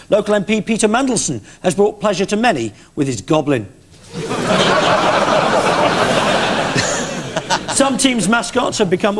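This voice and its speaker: A man hosting a comedy sports quiz, reading scores and tossing in teasing quips. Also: high-pitched. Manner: wry, teasing, quick quips. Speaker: quiz show host. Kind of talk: comedy panel show hosting. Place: TV studio with live audience. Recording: loud audience and room noise. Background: studio audience laughter.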